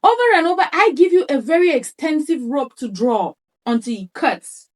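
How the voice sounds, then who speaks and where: Woman coach w a high voice, talks straight to viewers, says things twice to drive them home. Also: expressive, normal speed. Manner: emphatic, repeats points for stress; acts out others' words in quoted asides. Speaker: lifestyle coach. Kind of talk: motivational talk to viewers.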